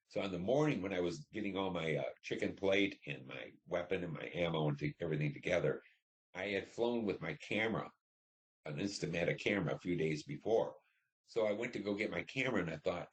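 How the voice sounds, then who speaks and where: A man's voice: deep voice, a little fast. A man in his seventies, a veteran, telling his war memories in a rambling, blunt and profane way, with many restarts. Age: 70s. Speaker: veteran recounting war service. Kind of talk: oral history storytelling.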